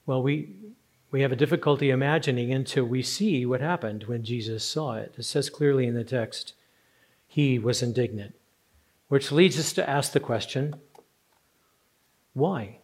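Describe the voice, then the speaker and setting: A man's voice: medium pitch, normal speed, pauses often. A man preaching a sermon, earnest and rising to strong emphasis on key words. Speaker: pastor.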